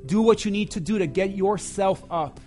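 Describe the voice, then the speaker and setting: High-voiced preaching man, dynamic. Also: normal speed, soft background music. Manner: dynamic preaching, swinging from loud emphasis to hushed asides. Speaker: pastor. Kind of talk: sermon.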